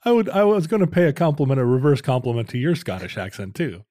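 A man's voice: mid-range voice, very animated, fast talker, mellow, no echo. A middle-aged man casually telling a rambling family story with dry jokes on a podcast.

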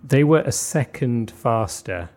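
A man's voice: medium pitch, expressive, slow pace, gravelly, darkish tone. A man co-hosting a podcast, explaining things at length with lots of filler words. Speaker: podcast co-host. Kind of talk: casual podcast chat.

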